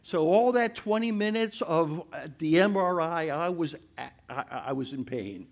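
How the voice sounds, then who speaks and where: An older man giving a storytelling testimony to a church congregation, animated and crying out as he retells events. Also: fairly high pitch, moderate pace. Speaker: church speaker.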